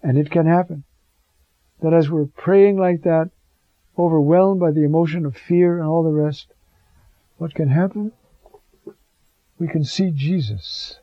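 A male priest giving a sermon in a fervent, animated way, chuckling now and then. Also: on the high side, creaky, dry recording. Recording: dull lo-fi dry recording.

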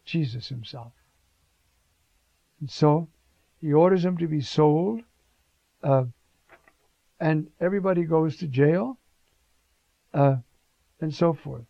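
Gravelly-voiced man preaching a sermon. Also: fairly high pitch, slow, pauses often, dry recording. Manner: animated, emphatic, rhetorical questions, many fillers. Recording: dull lo-fi recording.

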